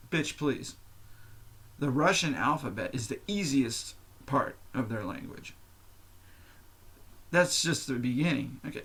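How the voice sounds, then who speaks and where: A man's voice: mid-range voice, fairly bright tone, breathy edge. Man rambling casually on a podcast. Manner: candid and profane, explains at length with fillers. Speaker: podcast host. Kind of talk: casual solo monologue.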